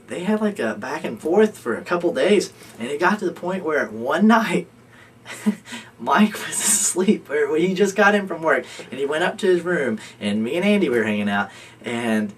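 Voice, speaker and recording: A young man telling a story among housemates, animated, laughing often and acting out what others said. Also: mid-range voice, slightly rough. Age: young adult. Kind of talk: casual storytelling. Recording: distant mic with faint background noise.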